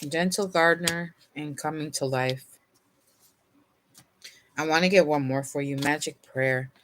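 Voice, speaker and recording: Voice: medium pitch, unhurried, fairly bright tone, a little hiss or hum. A tarot reader doing a casual reading to camera, yawning and sleepy, rambling with fillers and small laughs, and sometimes reading card meanings aloud from a guidebook.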